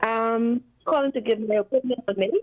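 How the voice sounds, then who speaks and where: A woman's voice: on the high side, fairly quick, muffled recording. A woman calling in to a live show, friendly and a little hesitant. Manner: friendly, hesitant, praises the guest host. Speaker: caller.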